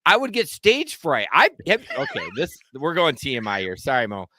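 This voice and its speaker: A man's voice: on the high side, wildly swooping pitch, normal speed, pushed and bright, dry recording, clean studio sound. A man co-hosting a casual podcast livestream, joking bluntly and with a lot of animation. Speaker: podcast co-host.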